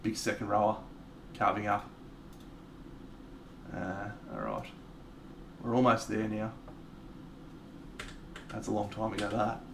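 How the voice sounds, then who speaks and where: A man's voice: fairly low pitch, takes it slowly, creaky, pauses often, noisy background. An Australian man streaming live, telling a rambling, profane story with frequent restarts.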